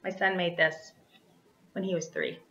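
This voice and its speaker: A woman lecturing a theater class online in an animated, conversational way, tossing in "right?" every few sentences. Her voice is bright and forward, though the recording sounds dull and lo-fi. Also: fairly low pitch, unhurried, vocal fry, slight background noise. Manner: animated, checks in with frequent "right?" tags. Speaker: theater teacher.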